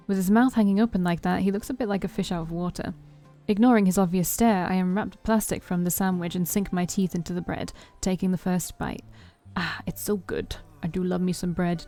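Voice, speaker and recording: A woman's voice: fairly low pitch, fairly even intonation, a little fast, warm tone, soft background music. A woman reading a story game aloud in first person, playful, with her own asides. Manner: playful, with side comments. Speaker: let's play streamer.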